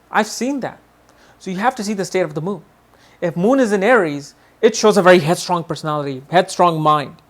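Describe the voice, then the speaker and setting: A man teaching an astrology lesson in a lively way, often acting out what people say and repeating his words. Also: high voice, a little fast. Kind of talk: video lesson.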